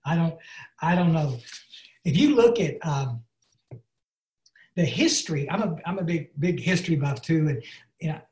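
A man's voice: fairly high pitch, lively intonation, moderate pace, long pauses, a little mellow, roomy sound. A man giving an earnest, folksy recovery talk full of "and, uh" fillers. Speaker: recovery speaker. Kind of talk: personal testimony talk. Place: online meeting.

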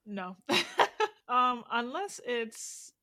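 Brief: soft, hesitant woman co-host, bright tone, dry close sound. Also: fairly high pitch, animated, very slow, no echo. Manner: quiet, hesitant answers with short backchannels. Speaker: podcast co-host. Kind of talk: casual chat.

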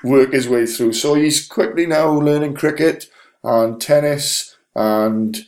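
A man's voice: medium pitch, slow pace, a little mellow. A middle-aged man hosting a podcast, chatting casually with lots of fillers and restarts. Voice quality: rambling, with many fillers and restarts. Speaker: podcast host. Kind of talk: casual chat.

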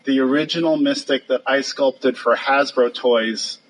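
An older man, a puppet sculptor, telling lively anecdotes over slides with a husky voice, mimicking others and laughing often. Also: medium pitch, measured pace, slight background noise, rough recording.

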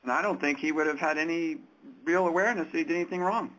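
A man's voice: a little high, fast talker, a bit bright, rough recording. A man taking part in a Bible study discussion, speaking hesitantly and thoughtfully, stumbling over the starts of sentences. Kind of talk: casual group Bible discussion.

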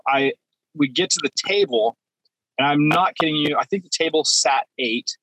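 A man's voice: fairly high pitch, normal speed, fairly bright tone, no room sound, low-quality recording. A man chatting casually on a podcast from the driver's seat of his parked car, rambling and self-deprecating. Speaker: podcast guest. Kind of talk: casual chat.

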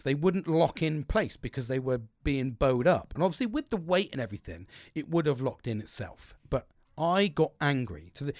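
A man's voice: medium pitch, dry recording, studio quality. A man talking candidly as a livestream host, rambling, swearing heavily and laughing often as he gives motivational chat.

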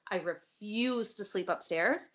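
A woman's voice: mid-range voice, unhurried, a bit bright. A woman in casual chat, telling her story animatedly with lots of filler words and some swearing. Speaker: guest telling a ghost story.

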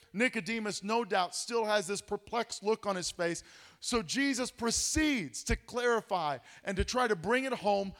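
Male pastor, high-pitched, animated Bible study teacher with rhetorical questions. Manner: animated, asks rhetorical questions, dramatic drops to a hush.

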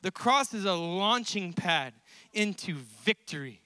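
A male pastor preaching a sermon at a church service, telling the story in an animated way and laughing often between lines. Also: sits high, unhurried, smooth, no room sound.

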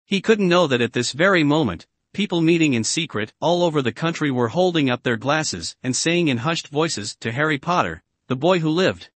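A man reading a storybook aloud in a steady, expressive way, his voice sitting somewhat high for a man. The recording is dry and close, with no sense of a room. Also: moderate pace, few pauses, no room sound. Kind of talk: audiobook-style story reading.

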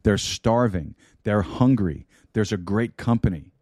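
A man's voice: on the low side, lively intonation, a little slow, warm tone, breathy edge, no echo. A man preaching a sermon into a studio microphone, repeating key lines and dropping in light humor. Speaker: pastor. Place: broadcast studio.

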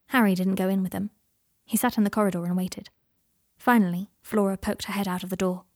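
A woman reading a story aloud in a soft-spoken way that often drops into whispers. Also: mid-range voice, steady tone, fast, dry recording, clean studio sound. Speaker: reader. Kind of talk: reading fan fiction aloud.

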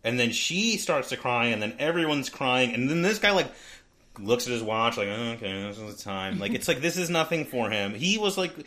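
A man's voice: medium pitch, animated, moderate pace, bright, forceful tone. A man in casual conversation, retelling scenes from a book with frequent fillers and small laughs.

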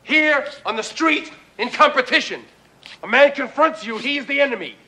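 A merciless, stern karate sensei. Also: male voice, very high voice, animated, moderate pace, bright, forceful tone, exaggerated voice, poor audio. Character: harsh male karate sensei, cold and merciless. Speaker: film clip played on a podcast.

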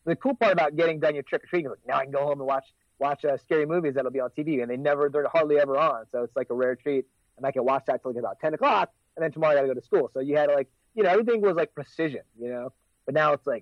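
A man's voice: fairly high pitch, very fast, no echo, lo-fi sound. An American man in his forties, co-hosting a casual podcast chat and rambling with lots of fillers and restarts. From United States. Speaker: podcast co-host.

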